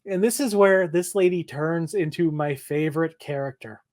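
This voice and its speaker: A man's voice: a little high, moderate pace, a little mellow. A man co-hosting a podcast, recapping an episode in casual chat, laughing often and acting out quotes. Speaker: podcast co-host.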